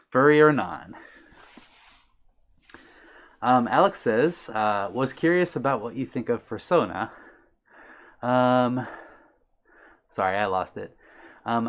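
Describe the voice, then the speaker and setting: A man chatting casually on a live stream, reading viewer messages aloud with lots of ums and uhs, a little out of breath at times. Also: mid-range voice. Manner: friendly, reads chat messages aloud, many ums. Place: his own room on stream.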